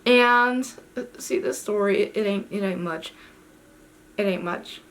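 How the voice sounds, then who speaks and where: A young woman vlogger telling a storytime at home, animated and exasperated, swearing as she acts out the dialogue herself. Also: medium pitch, a little slow, slight background noise. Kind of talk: casual storytime chat.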